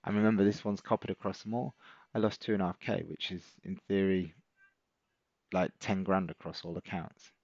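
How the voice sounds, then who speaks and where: A man's voice: sits low, little pitch movement, brisk, a little mellow, dry recording, muffled recording. A middle-aged man, hosting a live stream as a trading coach, chatting casually and encouraging viewers as he reads out their comments.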